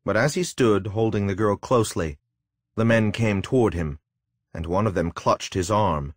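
Brief: male audiobook narrator, low, measured and solemn, dry close sound. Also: no echo. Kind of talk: scripted narration.

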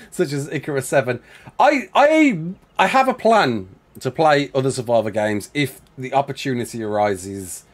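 With a medium-pitched voice and a Brummie accent, this young man from the West Midlands, England, plays a survival game on a live stream. He reads out chat questions rapidly and excitedly, with frequent laughter.

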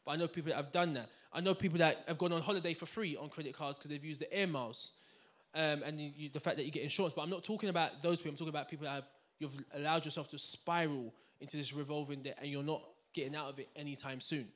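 A man giving a live finance seminar to a room audience, energetic and full of banter, quizzing the crowd. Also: a little high, fast. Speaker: seminar speaker.

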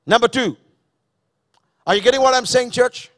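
High-voiced pastor preaching emphatically. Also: male voice, moderate pace. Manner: emphatic, repeats key phrases, questions the congregation. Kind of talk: sermon. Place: church service.

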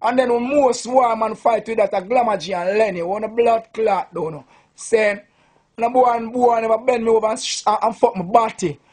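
A man's voice: high-pitched, fairly even intonation, normal speed, husky. A Jamaican man, a sound system selector, drunk and boasting in a rambling, profane rant to the camera.

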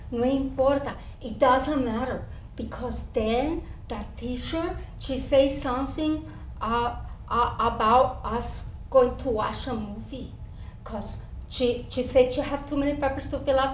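A woman's voice: sits high, a little mellow, natural voice. A woman acting out an eager, chatty first-grade girl in a one-woman stage show, speaking childlike English with a San Antonio Spanish-influenced accent and slipping into Spanish. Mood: excited. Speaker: stage performer. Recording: roomy stage sound from far off with faint hiss.

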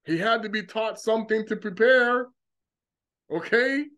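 A man preaching a fervent monologue, mocking opponents by mimicking them in quick asides. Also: very high voice, sharp tone, highs cut off. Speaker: religious commentator.

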